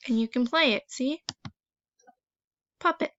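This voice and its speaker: A woman teacher talking students through an online phonics assignment, gentle and encouraging, step by step. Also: fairly high pitch, measured pace, vocal fry, no room sound. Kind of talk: recorded online lesson walkthrough. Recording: dry, slightly dull screen recording.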